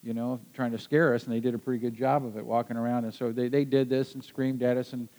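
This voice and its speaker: A man telling a personal adventure story to a listener, lively and halting, with frequent restarts. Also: mid-range voice, low-quality recording.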